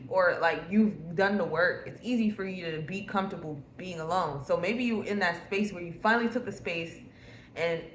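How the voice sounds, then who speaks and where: A woman's voice: medium pitch, fairly bright tone. A woman giving a casual tarot reading to viewers, talking bluntly and swearing freely. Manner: blunt, profane and emphatic. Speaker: tarot reader. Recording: echoey room with faint noise.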